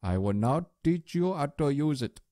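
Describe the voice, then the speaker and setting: A man voicing a calm, wise male guru in a video game, speaking slowly and solemnly. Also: fairly high pitch, no room sound, clean studio sound, lightly acted. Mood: serene.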